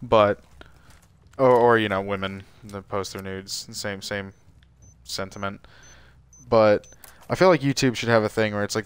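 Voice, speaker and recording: A man's voice: on the low side, moderate pace, clear, resonant tone. A man, a gaming YouTuber, chatting casually while playing, rambling and swearing freely. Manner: rambling, sweary, restarts often. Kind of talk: casual let's-play chat.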